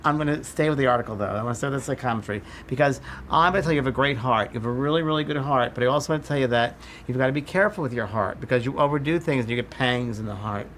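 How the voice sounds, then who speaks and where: A man of middle pitch teaching a psychic class, talking through a live demonstration. He moves in short, halting phrases and keeps circling back to what he feels. Faint noise sits under his voice. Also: fairly bright tone. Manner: halting, repeats "I feel" while reading impressions.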